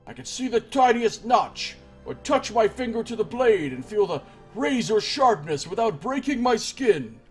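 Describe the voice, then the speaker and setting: A man reading a proud, zealous woman blacksmith in a game aloud, in a husky raised voice with earnest, declaiming delivery. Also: high-pitched, sing-song, measured pace, faint music behind, voice pushed up.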